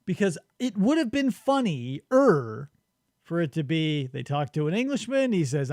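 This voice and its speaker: A man's voice: high-pitched, moderate pace, dry recording, clean studio sound. A man co-hosting a podcast, chatting casually and comically about a book, swearing and acting out quotes. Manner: animated, swearing, acts out witness quotes. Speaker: podcast co-host. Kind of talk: casual comedic book discussion.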